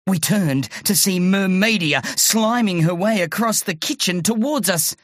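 A woman reading a children's story aloud in a lively, expressive way. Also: mid-range voice, dry recording, clean studio sound. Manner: lively, quick expressive narration. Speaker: narrator.

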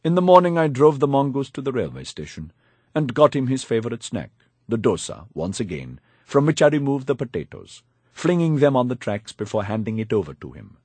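A man's voice: mid-range voice, sing-song, brisk, a little mellow, slightly rough, no echo. A man narrating a first-person audiobook in a wry, confiding storytelling manner, on a close studio mic.

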